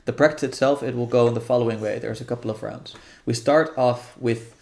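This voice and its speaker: Thoughtful man explaining, halting speech. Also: mid-range voice, steady tone, gravelly, darkish tone. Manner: thoughtful, halting, many restarts and fillers. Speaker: guest guiding a meditation practice. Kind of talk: explaining a practice in casual conversation.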